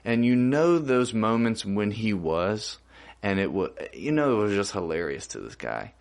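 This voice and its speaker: A man's voice: lowish voice, very animated, moderate pace, vocal fry. A young man in casual podcast chat, laid-back and musing, often trailing off and restarting. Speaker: podcast co-host.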